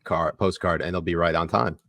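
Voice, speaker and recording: A man's voice: low voice, steady tone, brisk, creaky, crowd noise. A man co-hosting a casual podcast, joking and laughing as he reads items aloud. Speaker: podcast co-host. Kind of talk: casual chat.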